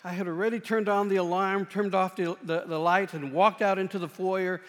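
A man in his forties with a rather high voice delivers a sermon, telling a story from his own life. He is conversational and self-deprecating, rising loud and then dropping to a hush. His voice rings out with the long reverb of a church hall. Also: fairly even intonation, normal speed. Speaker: pastor. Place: church sanctuary.

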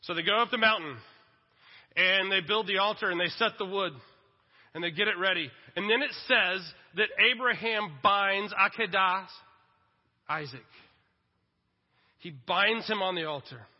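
A man in his forties with a high voice delivers a lively sermon, mixing the story with self-deprecating jokes. The recording sounds dull and lo-fi, with a long echo from a large hall. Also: a little slow, long pauses. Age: 40s. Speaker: pastor.

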